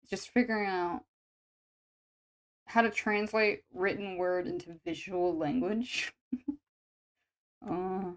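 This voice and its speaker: A woman artist chatting casually while drawing on stream, rambling and self-deprecating. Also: mid-range voice. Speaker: artist streaming sketch commissions.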